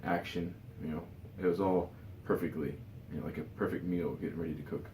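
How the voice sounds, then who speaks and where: A weary vlogger gives offhand opinions in a low-pitched, warm, steady voice at a brisk clip, rambling with "you know" and restarts. Reverb and slight background noise color the audio.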